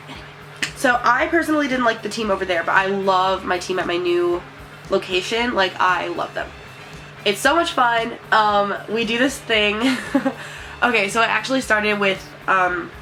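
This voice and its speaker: Young woman vlogger, casual rambling chat, mid pitch, faint music bed. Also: bright, forceful tone, rough recording. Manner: chatty, rambling, many fillers and likes.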